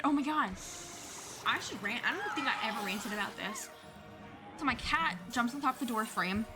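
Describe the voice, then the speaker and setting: A young woman hosting a gaming channel who rambles chattily through stories while she plays and laughs often. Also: a little high. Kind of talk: casual chat over gameplay. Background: game music.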